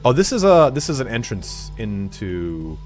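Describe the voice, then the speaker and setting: A man's voice: medium pitch, sing-song, unhurried, a little mellow, faint music behind. A man streaming a video game, chatting casually in a rambling, frank and profane way, full of fillers. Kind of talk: casual chat while playing.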